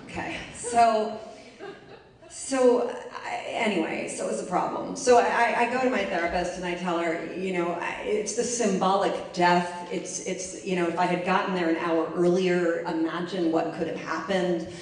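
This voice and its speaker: A woman's voice: lowish voice, fairly even intonation, moderate pace. A woman telling a personal story to a live audience in a wry, self-mocking comic way. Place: library event space. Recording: echoey room, mic far off.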